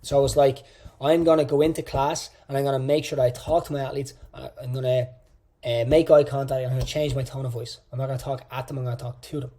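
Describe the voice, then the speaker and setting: A man's voice: medium pitch, fairly even intonation, fast talker, warm tone. A man teaching a coaching course in a casual, direct way, repeating phrases for emphasis. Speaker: fitness coach. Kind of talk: online coaching course lecture.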